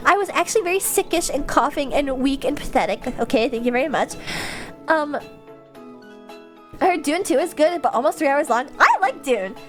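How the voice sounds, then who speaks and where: Answering comments from viewers, this young adult woman livestreamer has a voice that sits high. Her casual chat is animated and talkative, full of frequent laughter and offhand swearing.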